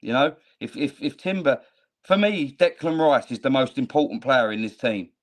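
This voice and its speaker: A man's voice: medium pitch, normal speed. A man calling into a show, casual, stammering and swearing now and then. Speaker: caller. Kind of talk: casual call-in chat.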